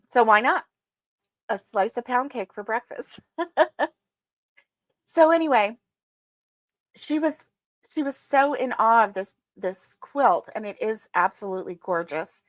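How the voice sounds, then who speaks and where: Slow, chatty woman with a dry close sound. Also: on the high side, lively intonation, no echo. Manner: chatty, rambling with many fillers, greets viewers. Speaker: livestream host. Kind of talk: casual livestream chat. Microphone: streaming setup.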